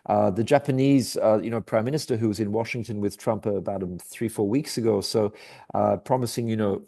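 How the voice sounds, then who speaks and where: A man with a low, gravelly, mellow voice talks through the day's markets while walking through charts. He speaks hesitantly and restarts his sentences often, with plenty of fillers. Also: brisk. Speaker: market commentator. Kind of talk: daily market commentary over charts.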